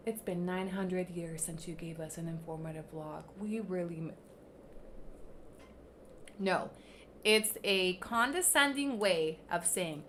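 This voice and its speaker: A woman's voice: fairly low pitch, measured pace, fairly bright tone, a little hiss or hum. A young woman hosting a casual livestream, venting bluntly and with plenty of swearing at critics in the comments. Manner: blunt, profane, ranting at critics. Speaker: livestream host.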